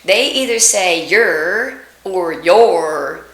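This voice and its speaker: A woman, an acting coach giving a lesson and slowly sounding out vowels to demonstrate them. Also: lowish voice, lively intonation, a bit bright. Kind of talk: accent reduction lesson. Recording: echoey room.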